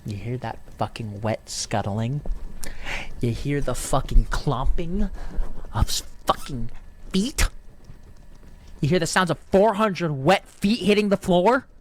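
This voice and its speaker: A man's voice: a little high, animated, takes it slowly, pauses often, a little hiss or hum. A man giving let's play commentary in a sarcastic, exasperated way, swearing often. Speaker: gaming video creator.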